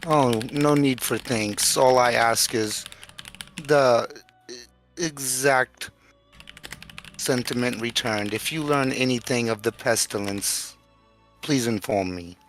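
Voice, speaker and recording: A man's voice: mid-range voice, slow, a bit bright, soft background music. A man playing a tabletop role-playing game, speaking politely and formally in character. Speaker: tabletop player.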